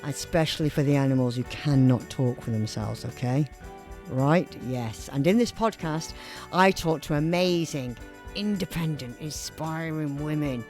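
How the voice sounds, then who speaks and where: A woman's voice: sits low, a little slow, a little mellow, soft background music. A woman hosting a podcast in casual chat, playful and theatrical, laughing at her own jokes. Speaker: podcast host.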